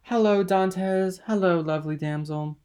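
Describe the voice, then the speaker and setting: A man's voice: medium pitch, fairly quick, vocal fry. A man voicing a drunken, envious sailor who talks with boisterous, slurring tavern bluster. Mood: rowdy, drunk. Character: drunken envious middle-aged male sailor.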